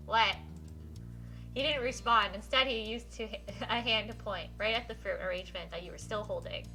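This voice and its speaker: Brief: woman game streamer, bright tone, fairly high voice, giggly read-aloud, faint music behind. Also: normal speed. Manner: giggly, animated, reads text aloud and reacts. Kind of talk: live-streamed visual novel playthrough, reading aloud.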